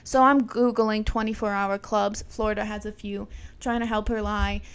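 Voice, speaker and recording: A woman's voice: medium pitch, flat delivery, normal speed, clean tone. A young adult woman, a podcast host, telling a wild story in a brash, profane, punchy way. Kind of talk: casual storytelling, retelling a wild night.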